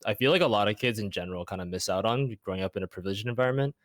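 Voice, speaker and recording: A young man with a lowish voice talks things through as an interview guest, reflective and a little halting. He leans on "like" constantly. The sound is close and dry, with no room around it. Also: no room sound. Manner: reflective, halting, heavy use of "like". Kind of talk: casual chat.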